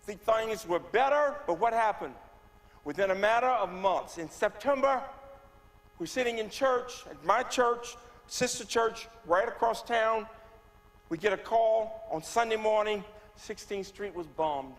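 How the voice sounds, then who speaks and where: A man, giving a personal testimony as a guest speaker, moving from hushed tones to rising, forceful delivery. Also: high-pitched, a little slow. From Birmingham, Alabama. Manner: dramatic storyteller, swings from hushed to rising loud. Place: church. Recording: long reverb of a church hall.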